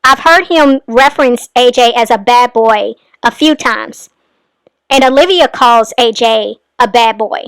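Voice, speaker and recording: A woman's voice: fairly high pitch, smooth, dry recording. A woman hosting a reaction commentary, talking in an indignant, emphatic way about a clip she is playing. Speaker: commentary host.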